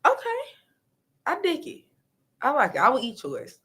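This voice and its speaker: A woman co-hosting a casual chat show, chatty and quick to restart her sentences. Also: sits high, slightly rough. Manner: animated, chatty, restarts a lot. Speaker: podcast co-host.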